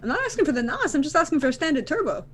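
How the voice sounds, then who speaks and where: High-pitched woman at a tabletop game, pushy and joking. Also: big pitch swings, very fast. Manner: pushy, joking back-and-forth with the game master. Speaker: player. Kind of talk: playing a tabletop role-playing game.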